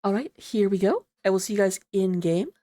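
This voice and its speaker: A woman's voice: mid-range voice, animated, fairly quick, warm tone. A woman casting a recorded esports match on her own, chatty and self-deprecating, with frequent asides and apologies while she recovers from surgery. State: recovering from surgery, sitting low in her seat. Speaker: esports caster. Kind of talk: solo game commentary mixed with personal chat.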